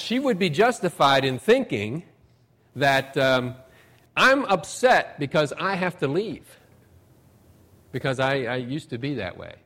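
With a slightly high voice, a middle-aged pastor preaches conversationally, weaving in folksy anecdotes from his life. His delivery climbs for emphasis and then trails off quietly.

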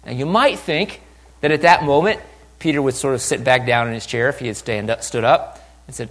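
A male pastor preaching a sermon in an animated way. He swings from loud, raised bursts down to near-quiet asides. He acts out the voices of the people in the story as he goes. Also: medium pitch, fairly quick.

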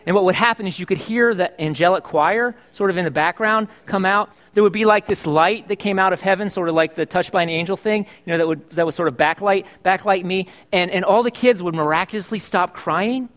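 A man's voice: high voice, brisk, few pauses, a bit bright. A middle-aged male pastor preaching a sermon in church, chatty and joking, asking his congregation questions. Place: church service.

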